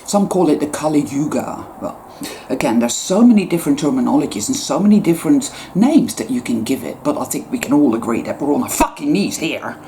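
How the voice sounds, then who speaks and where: A woman's voice: low voice, animated, brisk, mellow, slight background noise. A woman YouTuber giving an impassioned spiritual monologue, swearing heavily and repeating words for emphasis.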